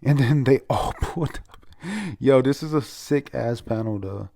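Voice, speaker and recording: A man's voice: medium pitch, normal speed, creaky, mellow. A man casually recapping a manga chapter, rambling, swearing and stumbling over names.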